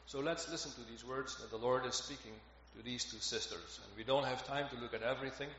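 A man's voice: medium pitch, brisk, a bit bright. Male preacher, earnest and emphatic, heavy hall echo on a dull, lo-fi recording. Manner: earnest, rising to emphatic on key phrases. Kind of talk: sermon. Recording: echoey hall, dull lo-fi, faint noise.

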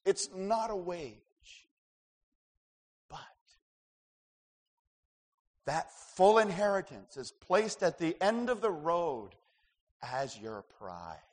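A man preaching a sermon as pastor, swinging between loud emphasis and hushed asides. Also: sits high, big-room sound.

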